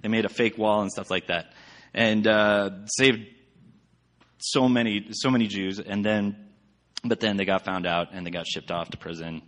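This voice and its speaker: A man with a fairly low voice gives a relaxed, rambling church talk. He speaks loosely and conversationally, full of fillers and restarts. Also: moderate pace. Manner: chatty, rambling, with many fillers. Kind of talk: casual sermon with slides.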